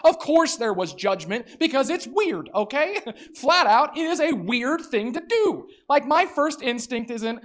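Animated preacher telling a story. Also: high-pitched, unhurried. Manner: animated storytelling, acting out voices. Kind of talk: sermon.

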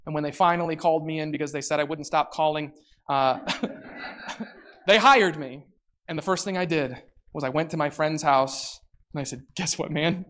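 A preacher in full sermon mode, reading scripture in a slow, deliberate cadence. The delivery is expressive, dropping to quiet reflection and then rising to loud, excited calls. The voice sits in a middle pitch. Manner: expressive, swings from soft reflection to loud exclamations; reads scripture slowly and deliberately.

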